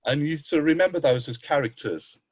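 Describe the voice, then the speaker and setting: A man on a game-mastering panel speaking in a halting way with many restarts. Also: on the high side, a little mellow. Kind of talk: panel discussion chat.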